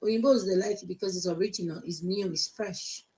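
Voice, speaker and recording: A woman's voice: mid-range voice, brisk, darkish tone, poor audio. A woman with a Nigerian Yoruba accent, scolding her viewers in a casual vlog and switching between Yoruba and English. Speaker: vlogger.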